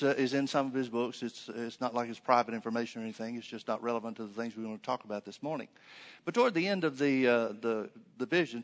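A man's voice: mid-range voice, big-room sound. A man preaching a conversational sermon, telling a story with many fillers and restarts.

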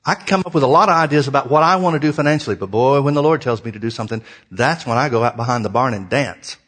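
A man preaching a sermon in a folksy, animated way, full of rhetorical questions. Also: mid-range voice, fast.

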